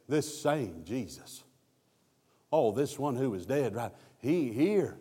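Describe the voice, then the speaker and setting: A man's voice: medium pitch, lively intonation, normal speed, mellow, breathy edge. A man preaching a sermon, telling the story with voiced quotes. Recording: long hall reverb.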